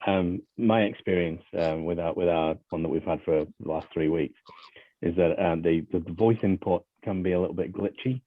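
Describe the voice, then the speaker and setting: A man's voice: sits low, moderate pace, no room sound. An Australian man in casual panel chat, talking hesitantly with many restarts. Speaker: club member on panel. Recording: tinny phone-like line.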